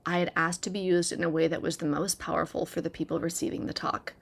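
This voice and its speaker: A woman's voice: on the low side, little pitch movement, quick pace, vocal fry, husky. A woman telling a heartfelt personal story to her audience in an earnest, conversational way, with lots of "like" and "right?". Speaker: recovery content creator.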